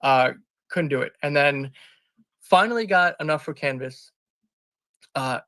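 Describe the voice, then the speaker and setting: Man, interview guest, earnest rambling storytelling, self-correcting, somewhat high voice, dry sound. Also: measured pace, a bit bright, dry recording. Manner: earnest and rambling, often restarting and correcting himself. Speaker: interview guest, business founder. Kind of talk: candid personal storytelling in conversation.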